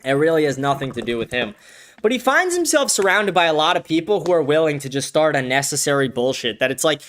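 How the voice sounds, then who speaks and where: A young man hosting a casual livestream from home, blunt and profane, ranting and breaking into excited shouts. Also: a little high, fast, a little hiss or hum. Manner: animated, bursts of excited shouting. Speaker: livestream show host. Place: home, with a dog nearby.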